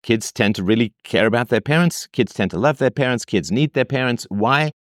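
A man's voice: mid-range voice, animated, fairly quick, no echo, studio quality. A man hosting a commentary, reading out a parent's letter and arguing against it with rhetorical questions. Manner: argumentative, rhetorical questions, mocking quoted voices. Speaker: host reacting to a listener's letter.

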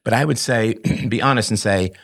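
A man hosting a live call-in show answers a caller with parenting advice, speaking conversationally, asking rhetorical questions, often adding "right?", and acting out parent-child dialogue. His voice is lowish with vocal fry, at a moderate pace.

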